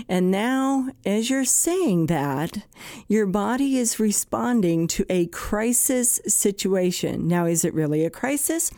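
A woman's voice: medium pitch, animated, a little slow, mellow, dry recording. A woman hosting a psychology podcast, explaining in a plain conversational way with everyday examples. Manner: explains plainly with everyday examples, acting out anxious self-talk. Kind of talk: conversational talk.

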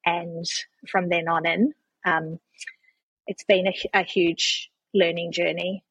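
Chatty New Zealand woman guest, husky low voice, dry close sound. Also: little pitch movement, slow pace, a bit bright, dry recording, lo-fi sound. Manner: chatty storyteller with frequent restarts and laughs. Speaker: guest, charity CEO. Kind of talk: casual conversational interview.

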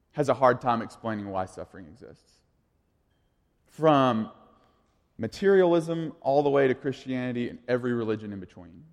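A pastor in his thirties preaching a sermon in a casual, conversational way, moving from quiet asides to lively storytelling. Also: mid-range voice. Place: church sanctuary. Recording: long reverb of a large hall.

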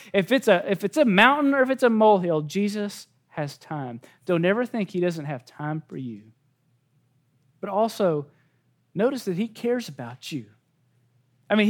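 Man, high-pitched, pastor, sermon, earnest, emphatic, repetitive phrasing.

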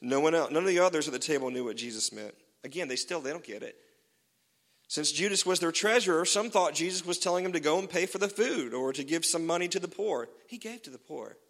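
A man's voice: on the high side, lively intonation, fast, a bit bright, in a large hall. A man preaching a sermon as pastor, casual and joking, with many fillers.

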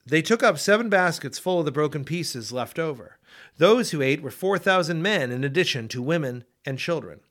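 Man, scripture reading, somewhat high voice, bright tone, lively expressive pitch. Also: normal speed. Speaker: Bible reader.

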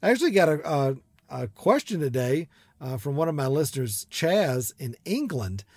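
A man's voice: a little high, sing-song, normal speed, a little mellow, no room sound. A middle-aged man hosting a podcast in a chatty, casual way, with frequent fillers and restarts. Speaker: podcast host.

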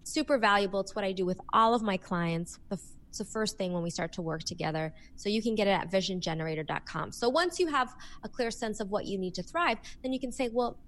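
Woman, workplace coach, podcast interview, animated, expressive, medium pitch. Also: quick pace. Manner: animated and expressive, acts out examples.

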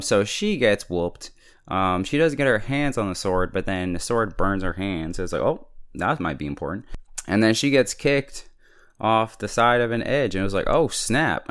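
A man's voice: low-pitched, a bit bright, smooth. A man casually recapping a TV episode, chatty and full of fillers, often breaking into laughs. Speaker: TV episode reviewer.

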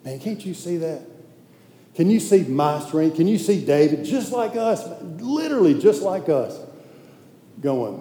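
A man preaching in a casual, emphatic way, his voice dark and mellow. He often sinks into a hushed, intense tone. The sound carries a long echo through a large hall, with faint noise behind it. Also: fairly high pitch, very animated, unhurried. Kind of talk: sermon.

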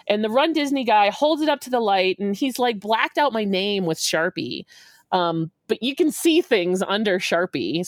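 A woman in her forties telling a story in an animated way, acting out quotes and laughing often. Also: mid-range voice, dry recording, clean studio sound. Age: 40s.

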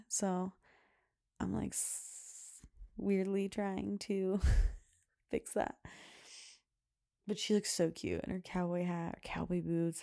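A woman's voice: medium pitch, vocal fry, mellow. A woman hosting a podcast, telling a family story in casual, rambling chat, laughing often and filling gaps with "like.". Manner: chatty, laughs often, many "like" fillers. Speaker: podcast host, mother.

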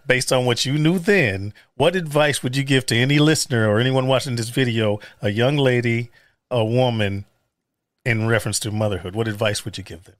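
A man's voice: medium pitch, fairly quick, no echo, clean studio sound. A man hosting an interview, speaking easily and thinking aloud with fillers as he shares stories about his daughters. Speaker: podcast host. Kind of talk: casual interview.

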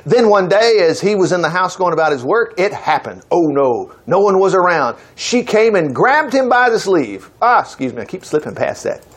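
A man's voice: high voice, very animated, moderate pace, few pauses, slightly rough. A man teaching the Bible in a chatty, folksy way, breaking into exclaiming asides. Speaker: preacher.

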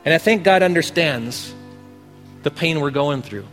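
A man's voice: fairly high pitch, animated, measured pace, fairly bright tone, big-room sound, soft background music. A man preaching a sermon as pastor, earnest, pressing his points with emphatic questions.

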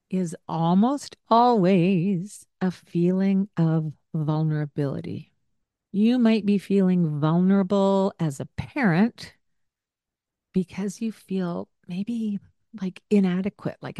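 Slow soft-spoken older woman. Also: on the low side, dry recording. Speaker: parenting podcast host. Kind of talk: gentle coaching talk.

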